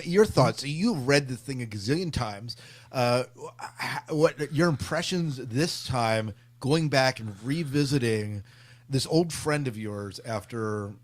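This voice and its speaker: A man hosting a casual book podcast, teasing his co-hosts and leading the questions. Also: medium pitch. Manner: joking, teasing, leads the questions. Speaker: podcast host. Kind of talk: casual chat.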